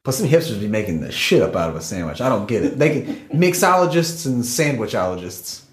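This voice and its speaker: A man co-hosting a casual podcast chat, jokey and animated. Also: mid-range voice, a little fast. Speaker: podcast co-host. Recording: echoey room.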